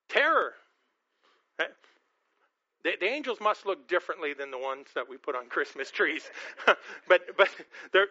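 A man's voice: high voice, sharp tone, dull audio. A man preaching a sermon as pastor, earnest, often repeating and restarting his words.

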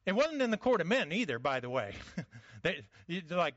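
A man's voice: fairly high pitch, sing-song, moderate pace, fairly bright tone, dry recording, muffled recording. A man preaching a conversational sermon as a pastor, often restarting his words.

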